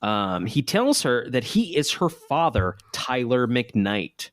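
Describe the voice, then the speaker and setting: A man's voice: medium pitch, slow, no echo, studio quality. A man co-hosting a podcast, recapping a TV episode in casual chat with a joking manner. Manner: lively, jokey, laughs often. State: hiccuping.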